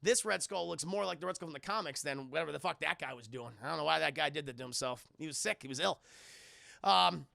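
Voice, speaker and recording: An excitable man streaming a movie recap to his chat, swearing often and breaking into quick mock voices for the characters. His voice is very gravelly, bright and edgy. The sound is close and dry, from a streaming mic. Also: fairly high pitch, no echo. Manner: profane, excitable, acts out scenes in quick funny voices. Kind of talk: animated spoiler recap with chat.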